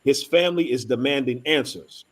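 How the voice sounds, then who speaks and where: A man's voice: mid-range voice, normal speed. A man co-hosting a talk show, reading a news article aloud with emphatic, punchy delivery.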